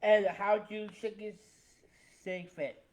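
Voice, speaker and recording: Young man, high voice, slow, halting, short answers, co-host. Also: steady tone, a little mellow. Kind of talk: casual chat.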